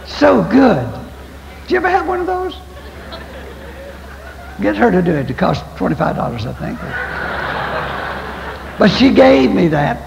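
A man's voice: high voice, vocal fry, noisy background. An older man preaching a folksy, storytelling sermon as pastor. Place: church sanctuary. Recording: echoey church hall, dull lo-fi 1990s tape.

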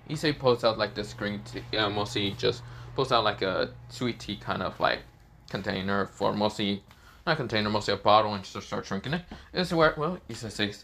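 A man's voice: on the low side, normal speed, a bit bright, slight background noise. A young man narrating an improvised fan story, rambling with many fillers and swearing.

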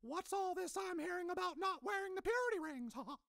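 An actor playing a cartoon mouse who runs things as an abusive boss, squeaky and giggling, flipping into screamed threats. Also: male voice, expressive, a little fast, creaky, pushed and bright, dry recording, studio quality, heavily acted. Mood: smug. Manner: high chirpy voice, giggles after lines, bursts into screaming threats. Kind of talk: animated comedy acting.

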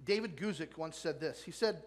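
A male pastor preaching a sermon in a lively way, asking the congregation questions and joking with them. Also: on the high side, normal speed. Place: church sanctuary. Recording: long church reverb.

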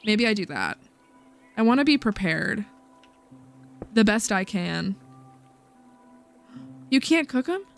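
A woman's voice: medium pitch, very animated, takes it slowly, creaky, pauses often, faint music behind. A woman hosting a casual let's-play video, chatting playfully to herself as she plays. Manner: playful, chatty, talks to herself while playing. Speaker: gaming video host.

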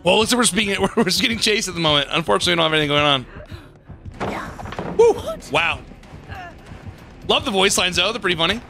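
A man giving casual, excitable gameplay commentary as a gaming YouTuber, swearing and laughing often. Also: sits high, fast, vocal fry, pauses often, soft background music.

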